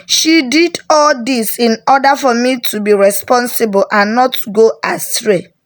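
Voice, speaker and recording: A woman's voice: on the high side, a little slow, natural voice. A woman voicing a frightened, tearful teenage girl who pleads her innocence in a told folk story. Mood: relieved.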